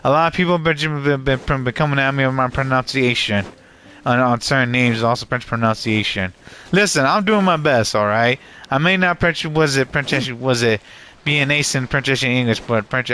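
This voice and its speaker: A man's voice: mid-range voice, bright, forceful tone, a little hiss or hum. A man livestreaming a game on a headset mic, chatting casually with viewers in a rambling, self-correcting way, with frequent swearing and laughter. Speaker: gaming livestreamer. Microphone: gaming headset.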